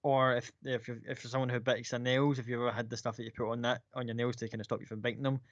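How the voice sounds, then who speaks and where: A man narrating as game master of a tabletop game, in a relaxed, rambling way full of fillers. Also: medium pitch, very fast, no room sound. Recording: dull lo-fi mic.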